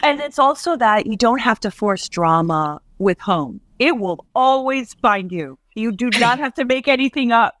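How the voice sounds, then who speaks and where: A woman guest in a casual chat, enthusiastic and quick to laugh. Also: on the high side, expressive, fairly bright tone, no room sound. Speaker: guest interior designer.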